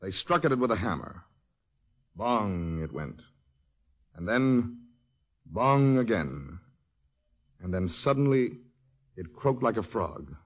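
An actor playing a patient, history-loving male soldier in a 1940s radio drama, telling history in an animated way. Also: fairly low pitch, slow pace, pauses often, muffled recording. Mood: storytelling. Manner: tells history in an animated storytelling way.

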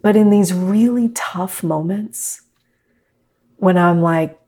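A middle-aged woman teaching a meditation class, talking gently and reflectively to her students. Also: mid-range voice, slow, long pauses, husky. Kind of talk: guided meditation talk.

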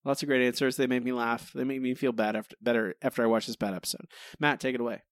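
A man co-hosting a podcast, talking in animated, exasperated runs and slipping into mock voices. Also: mid-range voice, fast, no room sound, clean studio sound. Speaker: podcast co-host. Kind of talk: casual podcast chat.

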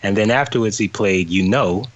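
A man from New Orleans, a guest in an interview, telling a story in lively detail over a remote call that cuts out. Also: fairly low pitch, moderate pace, highs cut off. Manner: animated retelling with quoted voices and laughter. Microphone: remote call, cutting out.

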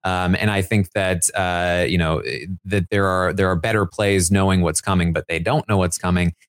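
A man's voice: low-pitched, normal speed, clear, resonant tone, no room sound. Brief: male podcast co-host, chatty and rambling, dry close sound. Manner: rambling, lots of fillers, quotes houseguests in a lively voice. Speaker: podcast co-host recapping a reality show. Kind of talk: casual chat.

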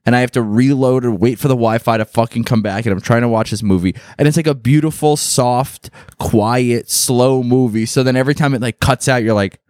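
Dude on a podcast, regular mid voice, rambly and sweary, dry close mic. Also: male voice, mid-range voice, brisk, few pauses, a little mellow, no echo. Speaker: podcast co-host. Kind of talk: casual chat.

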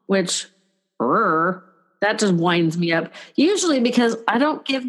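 A woman from California speaks in an easy, middle-pitched voice. She is chatty and lightly self-mocking, and she drifts into joking complaints in casual conversation. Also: animated, slow. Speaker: guest, caregiver.

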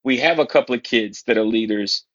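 Male guest, high school football coach, mid pitch, wry anecdotes, muffled lo-fi line. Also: brisk, a bit bright. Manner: wry anecdotes, acts out voices of players. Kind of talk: casual storytelling chat.

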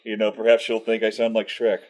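A man's voice: fairly low pitch, completely flat delivery, a little fast, a little mellow. A man playing a tabletop role-playing game in casual chat, hesitant and full of fillers. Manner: hesitant, many "uh" fillers, laughs a lot.

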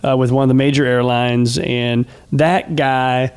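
A man's voice: mid-range voice, steady tone, unhurried, darkish tone, clean tone. A man hosting an interview show, chatting in a friendly way and asking long, rambling questions. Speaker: host. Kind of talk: casual interview talk.

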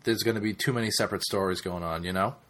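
A man's voice: fairly low pitch, fast, a bit bright. A man co-hosting a casual podcast chat, talking in a loose, rambling way with frequent ums. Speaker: podcast co-host.

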